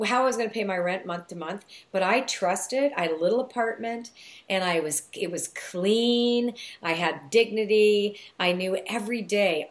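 A woman in her fifties talks candidly in a relaxed spiritual conversation. She is animated and laughs easily, and her voice sits at an ordinary middle pitch. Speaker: psychic reader and artist.

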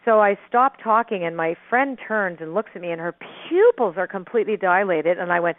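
A middle-aged woman telling a personal story as a caller, animated and rambling, with restarts and frequent laughs. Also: lowish voice, fairly quick, hardly any pauses, no echo. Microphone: telephone. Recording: tinny phone line.

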